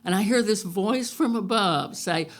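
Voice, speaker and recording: A woman telling a true story on stage to a live audience, wry and unhurried, often chuckling. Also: mid-range voice.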